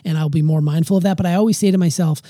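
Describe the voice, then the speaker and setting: Middle-aged dad giving advice, really dark mellow voice, dead dry sound. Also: male voice, a little high, steady tone, racing, no echo. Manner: reflective, earnest, advice-giving. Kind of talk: casual family chat.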